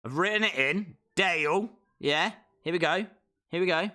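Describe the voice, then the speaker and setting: A man's voice: sits high, normal speed, bright, forceful tone. A man hosting a live reaction stream, chatting playfully and reading viewer comments aloud.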